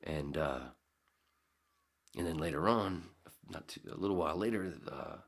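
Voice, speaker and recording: A man's voice: deep voice, moderate pace. A man hosting a podcast, telling a rambling story in a casual way, swearing freely and acting out scenes with sudden jumps in his voice. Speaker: podcast host.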